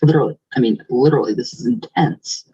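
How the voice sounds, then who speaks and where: A man vlogger greets his viewers and chats casually while reading their comments, rambling affectionately with lots of fillers and occasionally rolling his R's. His voice is mid-range, sing-song, husky and dark-toned, quick-paced, in a muffled recording.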